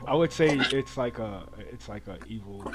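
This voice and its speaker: A man speaking quietly as a tabletop game player, often trailing off. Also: on the low side. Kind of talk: casual tabletop game chat.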